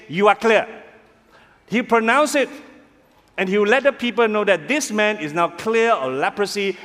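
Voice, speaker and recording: A man preaching a sermon as pastor, animated and calling on the congregation to respond. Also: sits high. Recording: reverberant hall.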